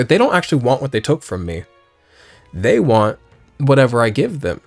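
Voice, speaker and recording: A man giving excitable, jokey let's play commentary, thinking out loud as he plays. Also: medium pitch, normal speed, gravelly, dry recording, soft background music. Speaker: gaming streamer.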